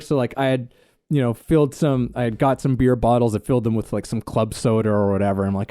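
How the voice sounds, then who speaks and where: A man's voice: mid-range voice, fairly even intonation, fast, dark tone, clean tone, no room sound, studio quality. A man co-hosting a podcast, telling a story with many hesitations and fillers. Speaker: podcast co-host. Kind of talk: casual conversational podcast.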